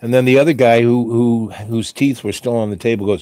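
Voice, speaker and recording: A man in a Santa-style role rambling through a casual story, full of ums and restarts, jumping into squeaky voices for the people he quotes. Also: steady tone, a little fast, few pauses, dark tone, no room sound. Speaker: vlogger playing a Santa character.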